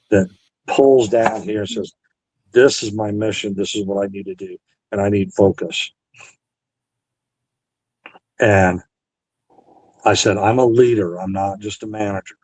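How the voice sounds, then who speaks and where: Man, Navy veteran, interview storyteller, plainspoken, somewhat low voice. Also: darkish tone, low-quality recording. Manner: retells conversations, quoting both sides.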